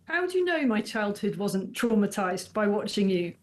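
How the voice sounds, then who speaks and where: A woman journalist from Scotland, chatting in the studio with quick, good-humoured banter. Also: mid-range voice, big pitch swings. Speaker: international editor, guest. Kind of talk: studio chat.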